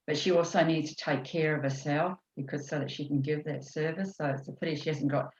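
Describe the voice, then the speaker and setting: New Zealand woman, low pitch, rambling casual chatter, echoey muffled call line. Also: steady tone, a little fast, a little mellow. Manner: rambling, chatty, with many fillers. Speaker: course participant. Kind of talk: casual video-call chat. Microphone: video call.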